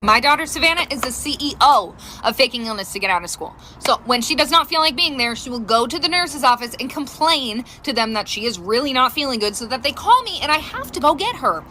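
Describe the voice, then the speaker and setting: A woman's voice: high-pitched, fairly quick, few pauses, a little hiss or hum. A woman, a mother, telling a funny story about her daughter in a casual, laughing way. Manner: animated, laughing while telling.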